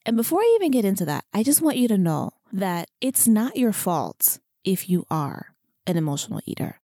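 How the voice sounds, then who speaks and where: A woman's voice: mid-range voice, sing-song, normal speed, dark tone, no room sound, clean studio sound. A woman hosting her own fitness podcast, talking earnestly and heartfelt, casual with many asides. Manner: earnest, heartfelt, chatty with frequent "you know". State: emotional, near tears. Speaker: podcast host and fitness coach. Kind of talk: casual solo podcast talk. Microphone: studio podcast microphone.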